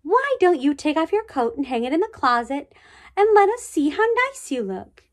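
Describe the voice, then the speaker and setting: Storybook: woman playing a prim, gently scolding teacher, fairly high voice with lively lilt. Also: moderate pace. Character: prim, patient female schoolteacher.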